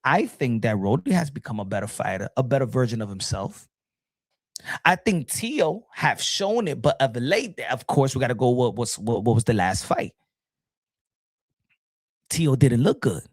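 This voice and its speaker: A middle-aged man hosting a casual boxing talk show, animated and repetitive, talking straight to his viewers in the chat. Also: mid-range voice, moderate pace, slightly rough, no room sound, studio quality. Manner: animated, repeats himself, addresses folks in the chat.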